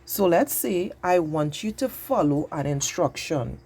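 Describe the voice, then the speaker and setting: A woman teaching a patient, exaggerated grammar lesson to young children, speaking slowly and clearly. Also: low voice, lively intonation, a little mellow.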